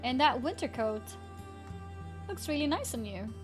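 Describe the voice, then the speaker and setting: A chatty woman streamer with a fairly high voice who giggles often and thanks her chat. Game music plays clearly underneath her casual talk. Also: very animated, moderate pace. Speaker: livestreamer.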